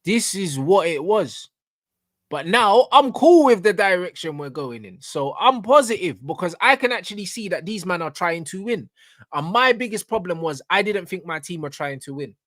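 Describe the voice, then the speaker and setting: Passionate football fan, dry mic. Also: male voice, sits high, sing-song, normal speed, fairly bright tone, no echo. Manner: passionate, swears, repeats "do you know what I'm saying". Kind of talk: casual football debate.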